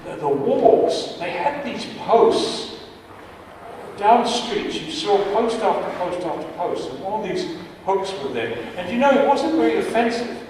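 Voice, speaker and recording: A man's voice: sits high, lively intonation, measured pace. An older man, a retired chemist, giving an impassioned public talk, repeating words for emphasis and stumbling over his starts. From United States. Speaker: guest speaker, retired chemist. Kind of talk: public talk with audience questions. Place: large indoor hall. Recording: echoey hall from far off, faint noise.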